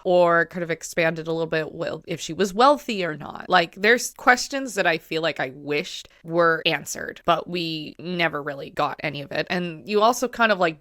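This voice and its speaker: A woman's voice: lowish voice, a bit bright, no room sound, clean studio sound. A woman in her thirties giving casual film commentary, musing and analytical with plenty of fillers. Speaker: channel host.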